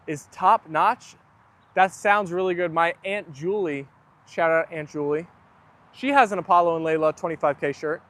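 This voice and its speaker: Young guy hosting a live stream, high-pitched voice, reads out chat comments, outdoors by a garden. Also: fairly bright tone. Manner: chatty, reads viewer comments aloud. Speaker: livestream host. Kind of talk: casual livestream chat reading comments.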